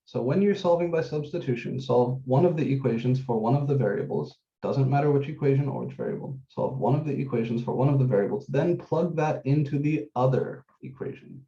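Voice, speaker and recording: A man teaching a math class, working through each step methodically and repeating the key points, slowing down on the numbers as he writes. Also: medium pitch, mellow. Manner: methodical, repeats key steps, says numbers slowly while writing. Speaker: math instructor. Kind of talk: classroom lecture. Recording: dull echoey classroom recording.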